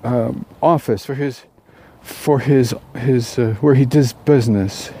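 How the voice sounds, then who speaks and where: A man telling a parable aloud, unscripted, with halting restarts and fillers. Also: medium pitch, fairly even intonation, dark tone, husky. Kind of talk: oral storytelling of a parable.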